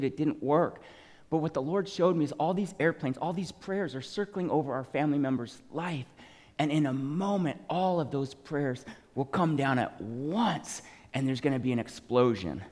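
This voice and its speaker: A man preaching a testimony with passion, swinging between yelling and soft, tearful speech. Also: fairly high pitch, moderate pace, in a large hall. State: crying. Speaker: guest preacher. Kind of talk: sermon testimony.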